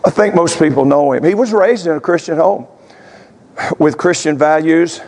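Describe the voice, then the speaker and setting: A man preaches in a high, bright-pitched voice, his words ringing out with a long sanctuary echo. He moves from folksy, chatty asides into fervent, shouted prayer. He is a pastor from Tennessee addressing his congregation. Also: normal speed. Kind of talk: sermon. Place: church sanctuary with stage lights. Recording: long reverb of a large sanctuary.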